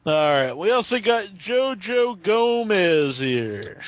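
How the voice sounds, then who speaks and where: A man with a high voice hosts a wrestling talk radio show, his pitch leaping about as he jokes crudely. The sound is dull and lo-fi, with a dry, close feel. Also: big pitch swings, slow pace, no echo. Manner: crude, joking, laughs often. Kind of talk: casual talk radio banter.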